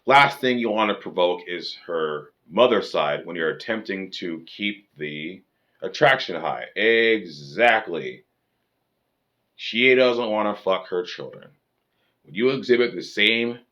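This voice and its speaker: A man's voice: low-pitched, bright, forceful tone, highs cut off. A man giving dating advice in a blunt, profane, lecturing rant to camera.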